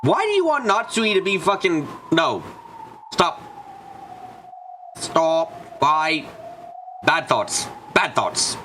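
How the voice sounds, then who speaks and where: A man's voice: on the high side, sing-song, slow pace, long pauses, sharp tone, a little hiss or hum. A man streaming a visual novel, reacting with swearing and self-mocking remarks. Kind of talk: let's-play commentary.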